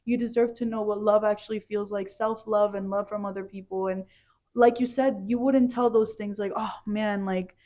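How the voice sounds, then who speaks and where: A woman's voice: mid-range voice, steady tone, normal speed, warm tone. A young woman hosting a podcast, talking in an earnest, chatty way with lots of filler words. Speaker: podcast host. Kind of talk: casual chat.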